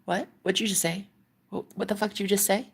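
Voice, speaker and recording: A woman vlogger casually telling a personal story to her viewers, animated and swearing, often dropping into a whisper. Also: medium pitch, brisk, vocal fry, slightly rough.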